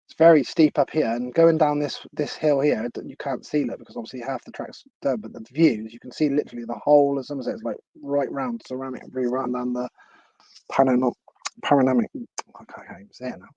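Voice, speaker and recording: A man's voice: mid-range voice, fairly even intonation, fast talker, hardly any pauses, mellow, no room sound, highs cut off. A man hosting a casual live stream at home, chatty and laughing at himself. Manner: chatty, laughs often, self-deprecating. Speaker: livestream host.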